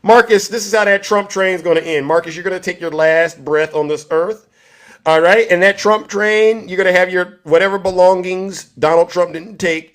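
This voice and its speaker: A man's voice: high-pitched, fairly bright tone. A man delivering a combative, preachy commentary rant, taunting his listeners. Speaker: political commentator. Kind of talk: ranting online commentary.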